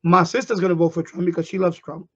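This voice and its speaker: A man's voice: high-pitched, fairly even intonation, quick pace, husky, dull audio. A man ranting on his live stream, profane and heated, repeating himself.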